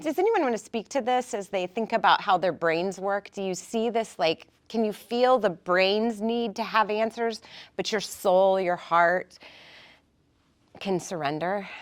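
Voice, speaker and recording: A woman's voice: mid-range voice, measured pace. A woman speaking casually to a small group in a room, coaching them and often checking in with "right?". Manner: animated, warm coaching, frequent "right?". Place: indoor room with an audience.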